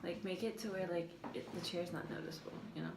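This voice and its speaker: A woman's voice: fairly low pitch, fairly even intonation, fast. A teenage girl presenting a class review, giggly and stumbling over her words. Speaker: student presenter. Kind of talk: giggly class video recording. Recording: echoey room with noise.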